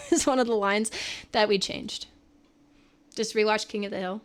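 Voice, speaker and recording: A woman's voice: medium pitch, steady tone, moderate pace, pauses often. A woman from California, a livestreamer and singer, chatting casually with viewers in a rambling way and laughing often.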